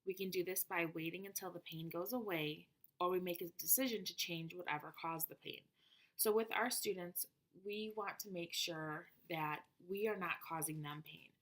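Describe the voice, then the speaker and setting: A woman reading a prepared presentation on classroom methods in a steady, explanatory manner. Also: lowish voice, moderate pace.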